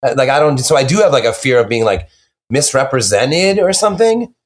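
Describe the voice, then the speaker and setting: A man's voice: medium pitch, animated, a little fast. A man, a horror novelist guest, talking in a rambling, casual way with many restarts. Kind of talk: casual interview chat.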